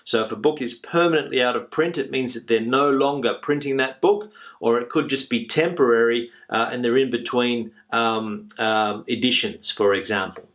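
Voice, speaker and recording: A man's voice: mid-range voice, moderate pace, a bit bright. Patient man teaching an English lesson. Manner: patient, repeats each phrase with uh fillers.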